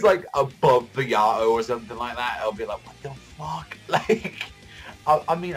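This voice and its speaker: With a fairly low voice, a man casually reacts to a manga chapter, excitable and profane. He rambles along, packing his commentary with fillers.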